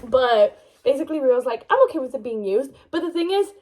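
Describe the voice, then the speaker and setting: A woman's voice: sits high, lively intonation, fairly quick, a little mellow, rough recording. A young woman vlogger chatting about a book she loves, gushing and rambling with lots of fillers and restarts. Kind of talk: casual book review chat.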